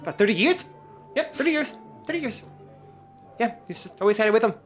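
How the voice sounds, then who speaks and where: Man voicing a big dim goliath warrior, hearty, rambling, raised voice, quick babble, tabletop game. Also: very high voice, expressive, faint music behind, pitched above the performer's own voice.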